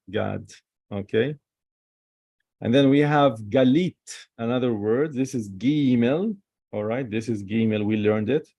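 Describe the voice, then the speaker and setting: A man, teaching the alphabet and repeating each sound slowly while he writes. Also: mid-range voice, darkish tone, no room sound, studio quality. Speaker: Hebrew teacher. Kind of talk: slow alphabet lesson.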